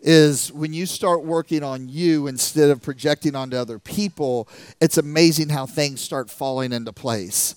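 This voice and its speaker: A middle-aged man telling a story as a motivational speaker, animated, acting out the voices of the people in it. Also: fairly high pitch, moderate pace, clear, resonant tone, no room sound. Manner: animated, acts out the voices of people in his stories. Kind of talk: storytelling talk to a live audience.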